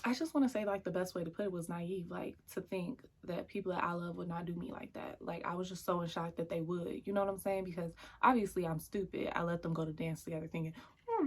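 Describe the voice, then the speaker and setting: A young woman telling a personal story in casual, chatty vlog style, lively and slipping into whispered asides. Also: lowish voice.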